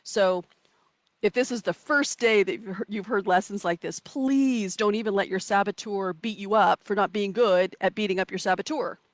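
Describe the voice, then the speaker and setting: A woman coaches live online from outdoors at a moderate pace, her mid-range voice warm, playful and encouraging. She reads out chat comments and voices inner thoughts aloud. No room sound is audible.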